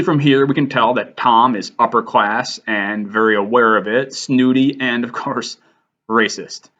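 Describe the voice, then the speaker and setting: A man's voice: mid-range voice, fairly even intonation, a little slow, sharp tone, lo-fi sound. A man hosting a writing lesson over slides, casual and self-deprecating. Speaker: writing teacher and host.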